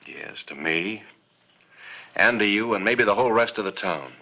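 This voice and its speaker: A man's voice: on the low side, normal speed, heavily acted. A firm frontier lawman. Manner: firm and steady. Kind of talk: 1950s TV western acting.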